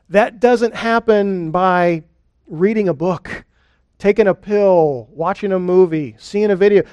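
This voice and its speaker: Guy pastor preaching, fairly high voice, dry close sound, talks to the room like a friend. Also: darkish tone, dry recording. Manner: earnest, conversational preaching with deliberate pauses and lists. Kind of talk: sermon. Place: church.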